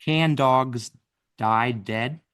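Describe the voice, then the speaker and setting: A man's voice: medium pitch, extremely slow, fairly bright tone, clean tone. A man co-hosting a podcast, hesitantly trying out a voice exercise. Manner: hesitant, unsure. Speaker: podcast co-host. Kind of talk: casual chat, voice practice.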